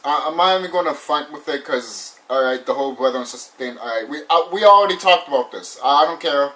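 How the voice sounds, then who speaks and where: A young man casually ranting through a movie review, animated and repetitive, swearing often and laughing now and then. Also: medium pitch, fast talker, hardly any pauses. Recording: voice somewhat far from the mic.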